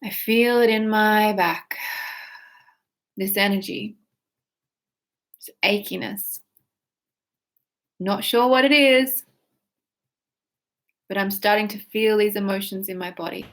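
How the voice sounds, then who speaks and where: A woman's voice: mid-range voice, a bit bright. A woman leading a guided tapping and breathing exercise, giving instructions and speaking emotional phrases for listeners to repeat. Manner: slow, guiding, with yawns and whiny repeated phrases. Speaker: tapping practitioner.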